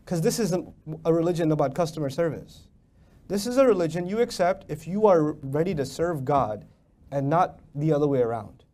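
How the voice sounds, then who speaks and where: High-voiced man preaching emphatically. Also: darkish tone. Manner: rhetorical questions, emphatic. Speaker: Islamic preacher. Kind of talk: religious lecture.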